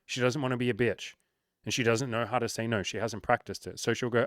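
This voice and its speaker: A young man gives frank dating advice in a loose, animated monologue. He talks at a middling pitch and jumps into little impressions of the people he quotes. The sound is close and dry, with no room in it. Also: fairly quick, dry recording. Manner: candid, animated, acts out quoted voices. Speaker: dating coach. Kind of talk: casual monologue to camera.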